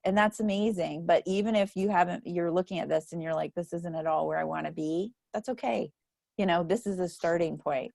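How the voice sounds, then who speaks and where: Chatty woman with a low voice. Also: a little fast, vocal fry, darkish tone, no room sound, clean studio sound. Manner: chatty, laughs often, acts out quoted voices. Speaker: book club leader. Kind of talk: casual group chat.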